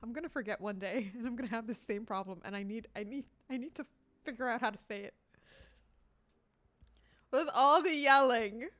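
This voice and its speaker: A woman's voice: a little high, moderate pace, pauses often, bright, forceful tone. A young woman streaming live, chatting casually and reading game text aloud, swearing freely as she stumbles over words. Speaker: livestreamer.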